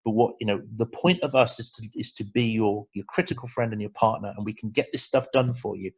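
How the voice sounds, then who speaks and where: A man presenting a fundraising webinar, emphatic and animated, repeating words for stress. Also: lowish voice, fairly quick, slightly rough, muffled recording.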